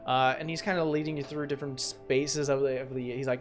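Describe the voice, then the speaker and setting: A man's voice: mid-range voice, brisk, hardly any pauses, soft background music. A man narrating as game master of a tabletop game, rambling with many fillers and restarts.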